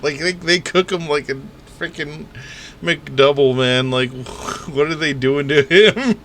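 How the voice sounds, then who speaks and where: A man's voice: fairly high pitch, slow, a bit bright, a little hiss or hum. A man giving casual, mocking commentary on news clips, laughing and rambling between them.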